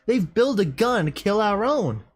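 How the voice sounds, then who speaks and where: A man's voice: high voice, sing-song, a little slow, pitched above the performer's own voice, full character voice. A man reading aloud, voicing a proud, hot-tempered country pony mare with folksy country talk. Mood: outraged. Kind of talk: fan fiction read aloud.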